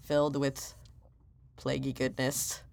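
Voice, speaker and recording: A woman's voice: very deep voice, monotone, slow, gravelly, darkish tone. A woman co-hosting a comedy podcast, rambling sheepishly and defensively in casual banter. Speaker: co-host.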